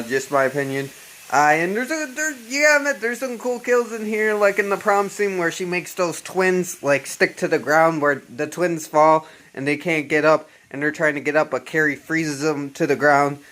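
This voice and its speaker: A man with a slightly raised pitch talks loosely about movies, wandering between thoughts. He swears freely, and ums and uhs fill his sentences. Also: a bit bright. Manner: rambling, profane, full of ums and uhs. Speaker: vlogger reviewing horror films. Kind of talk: casual chat.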